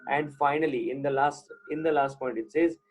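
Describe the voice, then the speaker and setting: A man's voice: a little high, fairly even intonation, brisk, poor audio. A man with an Indian accent teaching an accounting class online, switching between English and Hindi and often checking whether students follow. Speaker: accounting lecturer. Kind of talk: live online lecture.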